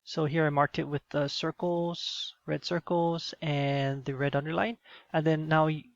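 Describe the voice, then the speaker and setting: A man's voice: a little high, level tone, unhurried, vocal fry, dry recording, highs cut off. A man giving a recorded teaching demo, explaining in an instructional way with some fillers.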